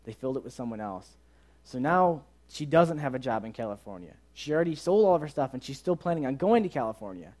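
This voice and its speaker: A man's voice: medium pitch, quick pace. A young man leading a youth ministry, telling a story in a sermon and acting out the voices of the people in it. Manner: animated, acts out quoted dialogue in the story.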